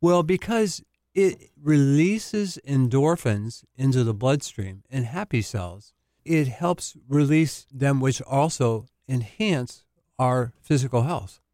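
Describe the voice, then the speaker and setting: A man's voice: medium pitch, animated, takes it slowly, a little mellow, no echo, studio quality. A man speaking as a Christian counselor on a radio talk show, laughing easily as he chats. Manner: laughs easily, good-humored. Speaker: Christian counselor, regular guest. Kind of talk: casual chat.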